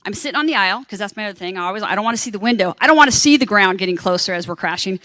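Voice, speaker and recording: A woman telling a lively anecdote to a convention panel audience, acting out the voices of the people in her story. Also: mid-range voice, rapid-fire. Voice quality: animated, acts out quoted voices. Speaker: panel speaker.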